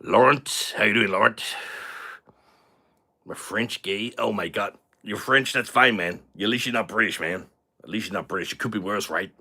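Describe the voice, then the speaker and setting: A crude, boastful drunk man, put on by a live-stream host, rowdy and swaggering. His voice sits very low with a husky grain, yet it cuts through with a bright, forceful edge. He sounds tipsy from the shots he keeps taking. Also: normal speed, full character voice. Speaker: livestream host. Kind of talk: live stream chat in character.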